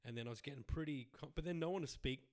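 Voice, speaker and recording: Chatty higher-voiced man hosting a podcast. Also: very fast, darkish tone. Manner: laughs often, chatty and easygoing. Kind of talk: casual podcast chat.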